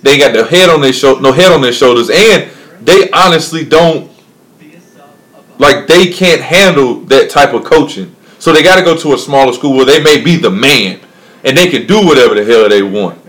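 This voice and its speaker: A man's voice: mid-range voice, lively intonation, normal speed, fairly bright tone, low-quality recording. A man from North Carolina, co-hosting a casual chat and rambling with frequent restarts and laughs. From Charlotte, North Carolina. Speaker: podcast co-host.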